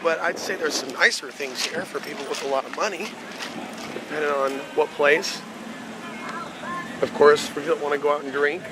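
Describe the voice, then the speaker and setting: A man's voice: a little high, fairly even intonation, normal speed, pauses often. A man in his thirties filming a walking-tour vlog on a camera, talking to it in a rambling, casual way as he walks outdoors. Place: outdoors on city streets. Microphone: handheld camera mic. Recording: outdoor city noise. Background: street traffic noise.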